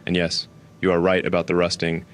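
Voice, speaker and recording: A man playing a smug, careless tech billionaire in a comedic interview sketch, speaking in a flat, offhand deadpan. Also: low-pitched, fairly quick, close to an everyday voice.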